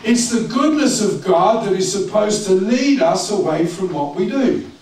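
A middle-aged pastor with a high, expressive, slightly mellow voice preaches a sermon a little slowly. He speaks plainly, conversationally and directly, putting questions to the congregation. The recording is from far off in an echoey church hall, with faint noise.

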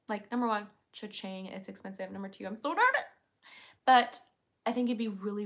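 Chatty woman with vocal fry. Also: mid-range voice. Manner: chatty, reads comments aloud and answers quickly, giggly. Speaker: streamer and voice actor. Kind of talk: casual livestream Q&A reading chat comments.

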